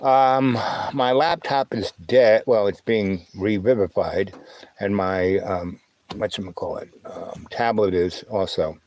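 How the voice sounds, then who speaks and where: A man's voice: lowish voice, steady tone, darkish tone, no echo. Rambling man with a slight lisp. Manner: halting, filler-heavy, asks "right?" often. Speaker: livestream host. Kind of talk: rambling casual livestream monologue. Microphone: old phone.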